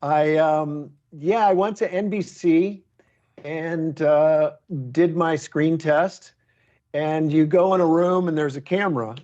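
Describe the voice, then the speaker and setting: A man from Detroit tells a story as an interview guest, his voice sitting fairly high. He is animated and acts out the lines of the people in his story. The sound is a little dull and lo-fi. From Detroit, USA. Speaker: comedian guest.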